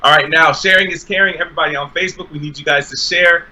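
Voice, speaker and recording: A man's voice: fairly high pitch, steady tone, fast talker, sharp tone, rough recording. A young man co-hosting a live stream, giving upbeat promotional announcements to viewers. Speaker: co-host.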